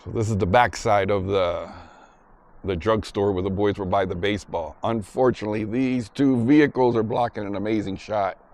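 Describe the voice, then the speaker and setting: A man's voice: fairly low pitch, normal speed. A man casually narrating a vlog outdoors, chatting as he walks through a parking lot and ballpark with a handheld camera. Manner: relaxed, chatty, retells scenes as he walks. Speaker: vlogger visiting filming locations.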